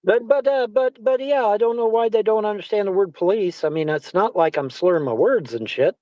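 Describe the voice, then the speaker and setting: A man's voice: high voice, brisk, no echo, highs cut off. A man chatting casually as a livestream guest, rambling, repeating himself and swearing often. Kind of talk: casual chat.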